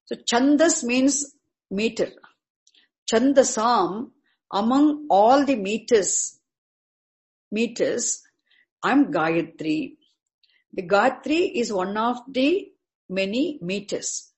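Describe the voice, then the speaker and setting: A woman's voice: a little high, lively intonation, slow, pauses often, darkish tone. Woman, patient scripture teacher who repeats herself and asks "okay?" often. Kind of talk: explanatory lecture.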